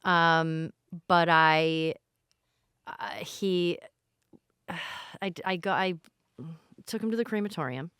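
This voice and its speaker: Smooth-voiced woman telling a candid story. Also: fairly low pitch, slow, long pauses, a bit bright, dry recording, clean studio sound. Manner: candid, rambling, self-deprecating storytelling with many restarts. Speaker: podcast co-host. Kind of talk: casual storytelling chat.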